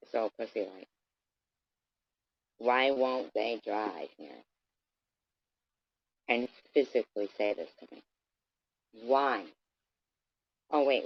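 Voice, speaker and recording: A man's voice: fairly low pitch, dry recording. A man delivering an aggressive, profane, taunting rant straight at his camera. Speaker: vlogger. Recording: dull lo-fi dry sound.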